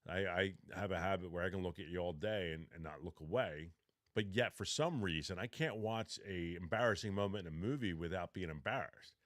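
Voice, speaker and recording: A man in his fifties gives casual, rambling job interview advice on a podcast, speaking a little fast in a deep voice. He often corrects himself mid-sentence and role-plays both sides of a mock interview. The sound is clean studio quality with no echo.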